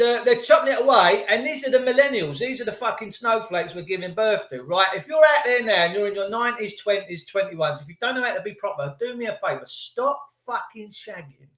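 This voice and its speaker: Sweary man ranting, bright. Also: high-pitched, roomy sound. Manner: swearing, mocking, acts out voices. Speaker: livestream ranter. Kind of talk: angry livestream rant.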